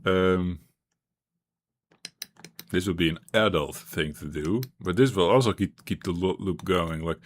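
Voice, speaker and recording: Very deep-voiced streamer rambling. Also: male voice, unhurried, long pauses. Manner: rambling, thinking aloud with many restarts. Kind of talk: live-stream gameplay chat.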